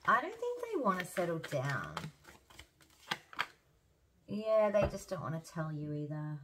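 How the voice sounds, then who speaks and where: A woman giving a casual tarot reading, chatty and hoarse as she loses her voice, thinking aloud with fillers and restarts. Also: lowish voice, wildly swooping pitch, unhurried, background noise. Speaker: tarot reader.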